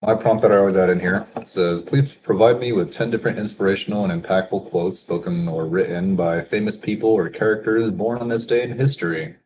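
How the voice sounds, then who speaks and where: A man in a casual solo work session, thinking aloud and reading quotes slowly, chuckling to himself now and then. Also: fairly low pitch, a little mellow. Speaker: business consultant reading daily quotes.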